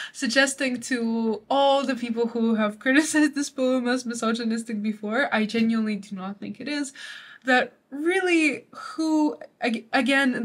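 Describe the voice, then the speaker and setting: A woman's voice: a little high, fairly bright tone. Chatty woman explaining a poem. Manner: chatty and playful, laughing at jokes in the text. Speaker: literature study guide presenter. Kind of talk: study guide explanation.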